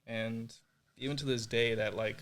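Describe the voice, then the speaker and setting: A man's voice: mid-range voice, steady tone, normal speed, a bit bright. Young man, earnest, emotional, faith testimony, lots of filler words, podcast guest. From Puerto Rico. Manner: earnest, emotional, many fillers like "like" and "you know".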